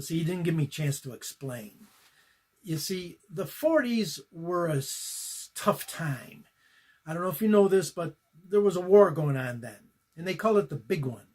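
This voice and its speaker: Husky old guy doing a deadpan comedy bit, a bit high-pitched. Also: moderate pace. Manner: deadpan, wisecracking storyteller. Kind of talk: stand-up comedy monologue.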